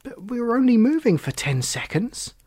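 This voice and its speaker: A man's voice: on the high side, expressive, takes it slowly, dry recording, voice pushed up. A man voicing an indignant, proud young boy in a storybook reading. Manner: indignant and cross. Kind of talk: storybook character voice.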